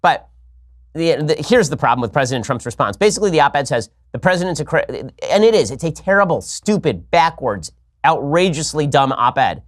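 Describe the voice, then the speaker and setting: A man hosting a political commentary show, talking in a rapid, sarcastic, argumentative way. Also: on the high side, sing-song. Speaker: host.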